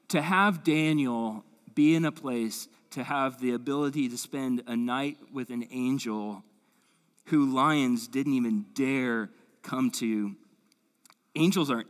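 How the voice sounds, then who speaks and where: A man's voice: mid-range voice, a bit bright. A male pastor teaching the Bible in an enthusiastic, conversational way, often saying "man" and "like". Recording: long hall reverb.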